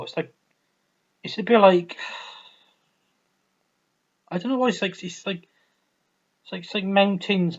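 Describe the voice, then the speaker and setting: A man rambles through a casual game rant, swearing constantly and circling back over his own words. His voice sits at an ordinary middle pitch. The recording is slightly dull and lo-fi. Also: fairly bright tone. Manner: rambling, profane, repetitive. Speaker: gaming vlogger.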